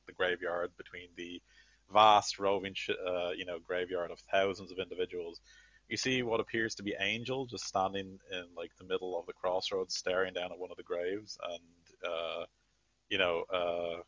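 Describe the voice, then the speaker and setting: A man's voice: low voice, little pitch movement, moderate pace, a bit bright, no room sound, muffled recording. A man running a tabletop role-playing game as game master, narrating at length with many fillers.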